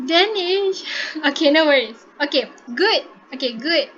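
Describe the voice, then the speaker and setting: A woman's voice: sits high, expressive, measured pace, fairly bright tone, highs cut off, slight background noise. A woman teaching an English class online. She is encouraging, says "okay" again and again, and slips Malay words in. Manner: encouraging, repeats "okay" often, mixes in Malay. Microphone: laptop mic on a video call.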